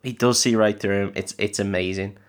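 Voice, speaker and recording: A man co-hosts a podcast with a lowish voice. He retells a film in a rambling, jokey way, swearing often and filling gaps with ums. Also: steady tone, a little fast, clean tone. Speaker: podcast co-host. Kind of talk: casual chat retelling a film.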